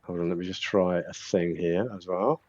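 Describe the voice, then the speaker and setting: A man's voice: low-pitched, fairly even intonation, normal speed, a little mellow. A man narrating as dungeon master for a tabletop game, chatty and laughing, with many fillers and restarts. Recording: dull lo-fi sound.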